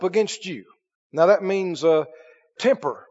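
Pastor, male, high-pitched preaching voice, emphatic call-and-response, muffled hall recording with long reverb. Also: big pitch swings, takes it slowly, darkish tone. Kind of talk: sermon.

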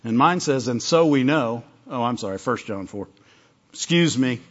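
Conversational preacher with a dull recording. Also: male voice, medium pitch, expressive, moderate pace, fairly bright tone. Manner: conversational, self-interrupting, acts out little dialogues. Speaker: pastor. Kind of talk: sermon.

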